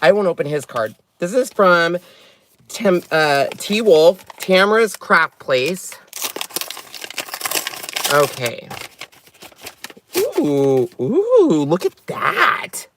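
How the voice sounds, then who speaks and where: A man hosting a crafting channel, chatting excitably and breaking into giggles while opening gifts in his car. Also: on the high side, very slow, long pauses, slight background noise. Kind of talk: casual unboxing vlog. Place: inside a parked car.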